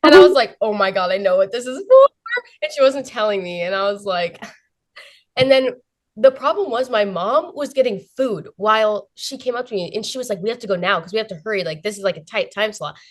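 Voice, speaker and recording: A young woman, a guest on an interview show, excitedly telling a story and filling her sentences with "like" and "literally". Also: medium pitch, a little fast. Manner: breathless, fills every phrase with "like" and "literally".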